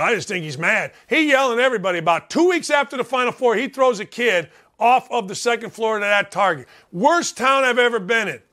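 Brash sports-radio host in his fifties, high bright voice, hammering points in a rant. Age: 50s. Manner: brash, emphatic, repetitive ranting.

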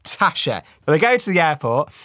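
A man, a comedian, retelling a half-remembered story in a rambling, chuckling way, with slow dramatic emphasis. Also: fairly high pitch, sing-song, sharp tone, dry recording, studio quality. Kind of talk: casual storytelling.

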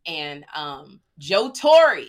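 A middle-aged woman comedian, chatting casually and telling stories in a lively, joking way. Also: low voice, drawn-out words. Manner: animated storyteller, lively and joking. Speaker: stand-up comedian. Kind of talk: casual podcast chat.

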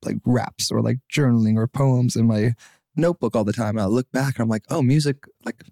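A man's voice: medium pitch, brisk, creaky, dry recording, clean studio sound. A young man in his twenties, a singer-songwriter guest on a podcast, telling his story casually with lots of fillers and acted-out quotes. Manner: animated, acts out quotes, many fillers.

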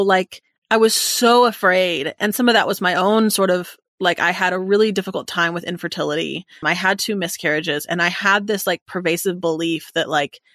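A woman's voice: on the low side, moderate pace, fairly bright tone, dry recording, studio quality. A woman in her thirties hosting a podcast, thoughtful and a little hesitant, with many fillers. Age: 30s. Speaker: podcast host. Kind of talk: reflective conversational interview.

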